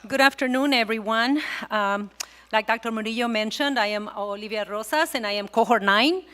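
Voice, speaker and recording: A woman's voice: a little high, moderate pace, bright, forceful tone. A woman reading an award nomination at a ceremony in an upbeat, enthusiastic way. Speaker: nominator, alumna.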